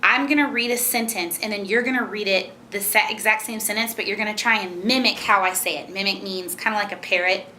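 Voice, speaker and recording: A woman's voice: mid-range voice, fairly quick, few pauses, sharp tone, a little hiss or hum. A woman teacher explaining a reading method step by step, patient and encouraging, and reading a children's book aloud. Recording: echoey room.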